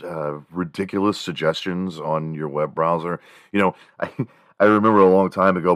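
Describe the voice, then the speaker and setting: A man's voice: rumbling low, a bit bright, no echo, studio quality. A man hosting a show, casually telling stories and mimicking sounds, chuckling as he goes. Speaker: podcast host. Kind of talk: casual storytelling monologue.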